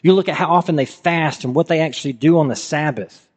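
A man's voice: a little high, fast talker, darkish tone. Man preaching in a reverberant hall. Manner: conversational, with rhetorical questions. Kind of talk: sermon.

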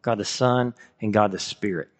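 A man's voice: fairly low pitch, normal speed. A man preaching a sermon in a conversational way, asking his listeners rhetorical questions. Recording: reverberant hall.

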